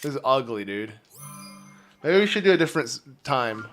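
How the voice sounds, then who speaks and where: A man streaming a game live, chatting casually and rambling to his viewers while his phlegmy throat keeps needing clearing. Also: mid-range voice, sing-song, normal speed, a bit bright, faint music behind. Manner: rambling, chatty, talks to chat. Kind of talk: casual live gameplay commentary.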